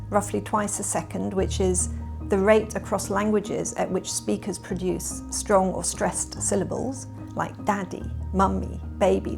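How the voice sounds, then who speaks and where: A woman professor, explaining her research in a measured documentary interview. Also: medium pitch, creaky.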